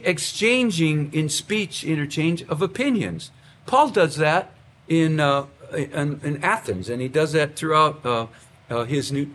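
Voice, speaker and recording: Animated man lecturing to pastors. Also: on the high side, a little hiss or hum. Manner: animated, frequent fillers and restarts. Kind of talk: classroom lecture.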